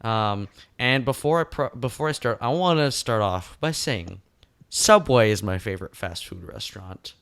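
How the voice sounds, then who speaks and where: A man's voice: on the low side, lively intonation, moderate pace, fairly bright tone, clear, resonant tone. A young man co-hosting a casual podcast, ranting and acting out both sides of a story about a bad sandwich order. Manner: ranting, acts out customer exchanges. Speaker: podcast co-host.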